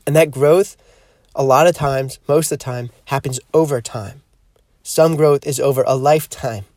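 Earnest man with a gravelly voice. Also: mid-range voice, darkish tone, no room sound. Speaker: podcast host. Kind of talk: reflective spiritual podcast teaching.

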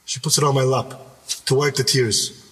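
A man's voice: mid-range voice, moderate pace. A man telling a personal story in conversation, emphatic and repeating himself as he goes. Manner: animated, emphatic, repeats words and restarts. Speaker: podcast guest. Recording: reverberant room, mic at a distance.

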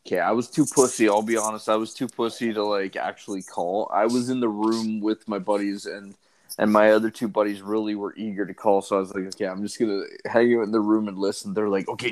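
A man in casual chat, telling a crude anecdote in a halting, rambling way with lots of fillers and swearing. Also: on the low side, steady tone.

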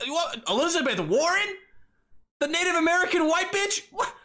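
A young man hosting a solo podcast, rambling and swearing, with bursts of yelling. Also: extremely high pitch, very animated, a little fast. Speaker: podcast host.

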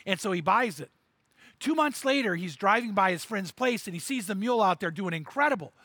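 Middle-aged pastor guy preaching, high bright voice, acts out little stories, dry close sound. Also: a little fast, dry recording. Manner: animated storyteller, acting out voices in anecdotes. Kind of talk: sermon with acted-out stories.

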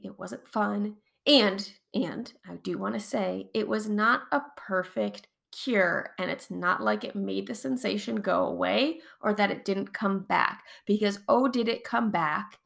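A woman hosting a casual solo podcast, chatty and animated, laughing often and swearing casually while getting over covid. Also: mid-range voice, moderate pace, creaky. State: recovering from covid. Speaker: podcast host and chronic pain coach.

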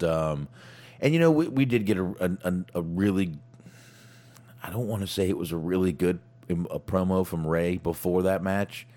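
Very deep-voiced man hosting a chat. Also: a little mellow. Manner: halting, restarts often, many fillers. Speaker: podcast host. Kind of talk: casual chat.

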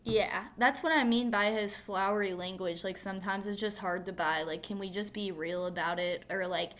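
A young woman co-hosting a podcast chats casually through a recap, filling her speech with "like." Her voice is mid-range and fairly bright, with fairly even intonation and a moderate pace.

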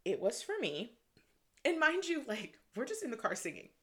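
A woman from Michigan, hosting a podcast, telling a personal story in an excitable, casual way, with lots of "like" and some swearing. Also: fairly high pitch, normal speed. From Michigan, USA. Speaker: podcast host.

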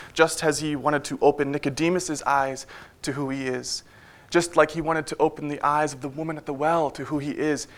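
A man preaching a sermon in a church, in a relaxed, conversational way with frequent fillers and wry asides. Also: a little high.

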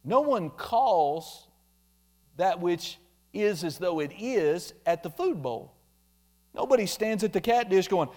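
A man preaching a sermon, animated, acting out quoted complaints in mocking voices. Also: high-pitched, takes it slowly. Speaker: pastor.

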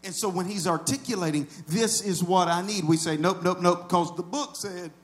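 A male pastor preaches a sermon at a normal speed, chatting with the congregation conversationally. He sinks into quiet asides, then builds to loud, shouted peaks.

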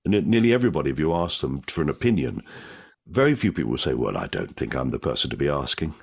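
An older English man with a husky voice, chatting as a podcast guest in a playful way, slipping into put-on voices. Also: very deep voice, very animated, fast. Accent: southern English, educated. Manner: playful, slips into put-on voices and cockney impressions. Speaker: comedian and podcast host, guest. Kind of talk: casual chat.

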